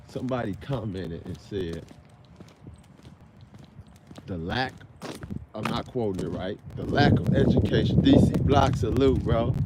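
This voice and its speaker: A man's voice: lowish voice, noisy background. A man from Chicago with a Chicago accent, hosting a casual livestream rant and rambling, often stopping to search for words. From Chicago, USA. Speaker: livestream host.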